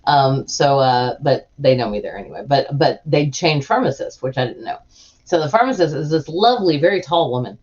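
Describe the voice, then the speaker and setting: Hosting a livestream, a woman with an extremely low, husky voice chats casually and briskly with viewers. She tells animated stories and acts out the voices of people in her anecdotes, all through muffled lo-fi audio.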